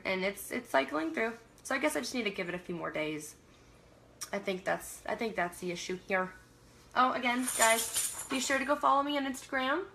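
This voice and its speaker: A woman's voice: on the high side, vocal fry, sharp tone. Chatty young woman on a livestream. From Canada. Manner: chatty, laughs often, trails off and restarts sentences. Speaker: livestream host. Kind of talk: casual live chat reading viewer comments.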